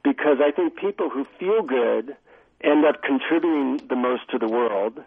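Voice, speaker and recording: A middle-aged man, an author being interviewed, telling animated stories with many fillers. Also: medium pitch, moderate pace, husky. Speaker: author and guest. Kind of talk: phone interview storytelling. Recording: tinny phone line.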